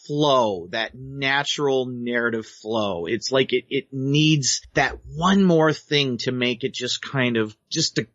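Bright, dry-sounding man chatting about films. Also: mid-range voice, slow pace, hardly any pauses, no room sound, highs cut off. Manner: candid, rambling with restarts. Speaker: podcast co-host. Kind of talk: casual movie chat.

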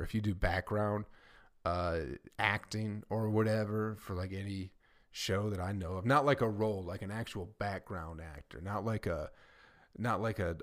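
Rambling, foul-mouthed male podcast host. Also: on the low side. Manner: profane, rambling storytelling with many fillers. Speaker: stand-up comedian. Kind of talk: casual solo podcast monologue.

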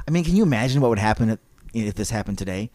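A man's voice: lowish voice, expressive, racing, darkish tone, dry recording. A man hosting a podcast, telling a history story in a casual, digressive way and reading quotes aloud. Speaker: podcast host.

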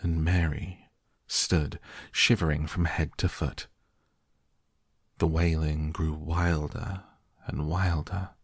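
A man narrating a classic novel as a soft, slow, hushed bedtime story reading. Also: rumbling low, flat delivery, breathy edge, dry recording, studio quality. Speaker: audiobook narrator.

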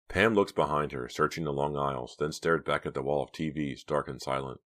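Male audiobook narrator, extremely deep voice, quiet steady reading. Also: brisk, few pauses. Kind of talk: scripted narration.

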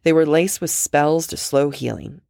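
A woman co-hosting a casual book-discussion podcast, chatty with lots of fillers, reading quotes aloud slowly. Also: low voice, creaky, darkish tone, no echo, studio quality. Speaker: podcast co-host.

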